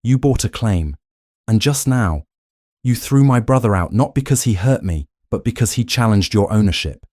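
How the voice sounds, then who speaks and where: Guy putting on a hurt young woman, flat and shaky, bitter, dry close sound. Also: fairly low pitch, moderate pace, dry recording, pitched above the performer's own voice. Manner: flat, trembling, accusing.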